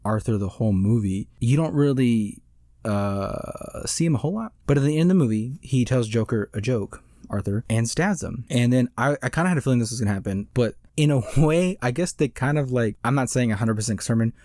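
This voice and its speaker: A man's voice: medium pitch, animated, fairly quick, mellow, no echo, studio quality. A man giving a casual movie review, rambling with many fillers and restarts.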